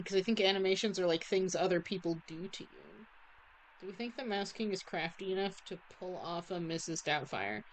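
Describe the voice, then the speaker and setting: A woman's voice: mid-range voice, sharp tone, slight background noise, poor audio. A young woman streaming a game, chatting casually and rambling with lots of fillers. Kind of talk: casual let's-play commentary.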